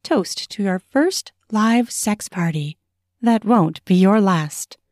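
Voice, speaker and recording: A proud, self-assured hostess speaks in a mellow, inviting tone in an audiobook reading, as a woman voices her. The recording is dry and close. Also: medium pitch, animated, slow, dry recording. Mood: confident. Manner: confident, inviting. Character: confident, proud woman hosting a party.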